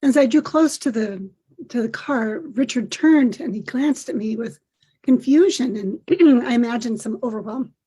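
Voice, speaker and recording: An older woman hosting a podcast, telling a personal story in a gentle, reflective way. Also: on the high side, expressive, normal speed, slightly rough. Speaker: podcast host.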